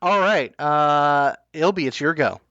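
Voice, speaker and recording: A man running a tabletop game as game master, narrating in halting bursts with many restarts. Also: on the high side, animated, bright, forceful tone, clean tone, no echo. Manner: halting, full of restarts and fillers. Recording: dull lo-fi online call audio.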